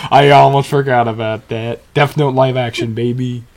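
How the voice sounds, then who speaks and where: A young man in casual chat as a podcast co-host, rambling and animated, restarting sentences as he retells scenes. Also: medium pitch, creaky, slight background noise. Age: young adult.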